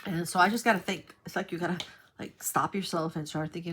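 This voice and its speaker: Woman, lowish voice, chatty rambling story, craft vlog, faint clicks in the background. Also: fast, a little hiss or hum. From New York. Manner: chatty, rambling, animated when retelling. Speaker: crafting vlogger. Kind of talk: casual storytelling while crafting.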